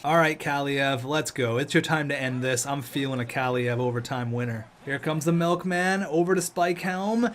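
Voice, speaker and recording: A young man commentating his own video game match, joking and shouting when play gets tense. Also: medium pitch, normal speed, few pauses, a little hiss or hum. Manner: excitable, jokey, shouts at big plays. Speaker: gaming YouTuber.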